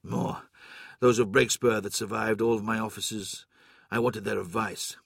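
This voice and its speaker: Subdued guilty young soldier, read by a man, a bit low, gravelly and husky. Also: fairly even intonation, normal speed, fairly bright tone, no room sound, studio quality, exaggerated voice. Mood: somber. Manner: somber and subdued. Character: troubled, guilt-ridden young male soldier.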